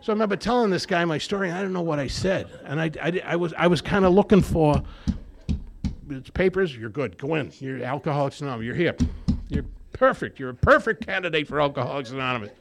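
A man's voice: on the high side, lively intonation, fast, creaky. A man giving a personal testimony to a recovery group, telling his story with humor and acting out the dialogue. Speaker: recovery meeting speaker.

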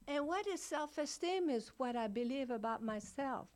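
Frank older woman with a high voice. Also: lively intonation, moderate pace, few pauses, a little mellow. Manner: frank, blunt, laughs often. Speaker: recovery speaker. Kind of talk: recovery meeting share.

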